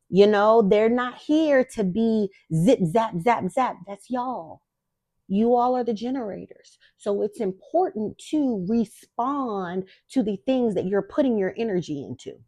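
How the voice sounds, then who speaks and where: A woman's voice: fairly high pitch, warm tone, dry recording, studio quality. Blunt, emphatic woman spiritual host. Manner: blunt, profane, emphatic, addresses viewers as y'all. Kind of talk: casual direct-to-camera talk.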